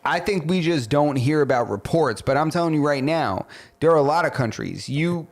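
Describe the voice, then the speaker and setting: A man's voice: a little high, expressive, normal speed. A young man co-hosting a casual podcast who tells stories animatedly and calls everyone bro. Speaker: podcast co-host. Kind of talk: casual chat.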